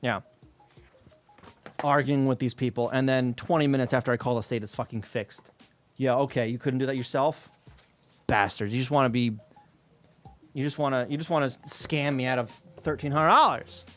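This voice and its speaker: A man's voice: medium pitch, fairly even intonation, moderate pace, long pauses, fairly bright tone. A man streaming while scanning old workbooks, ranting about a utility bill in casual, heavily profane chat.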